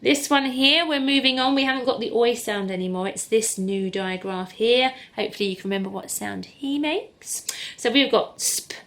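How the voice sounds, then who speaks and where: A woman teaching a phonics lesson to camera, slowly sounding out letters and blending words in an encouraging way. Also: on the high side, a bit bright. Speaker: primary school teacher. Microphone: camera in front of her.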